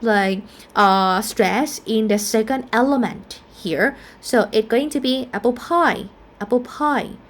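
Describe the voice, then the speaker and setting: Slow, careful woman teaching pronunciation. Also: a little high. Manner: slow and careful, repeats each example word. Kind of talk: explaining a phonetics lesson.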